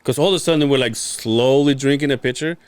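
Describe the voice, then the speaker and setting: A man's voice: medium pitch, fast, clear, resonant tone, dry recording. A man, a podcast co-host, telling a story in casual chat, acting out quotes, laughing and swearing freely.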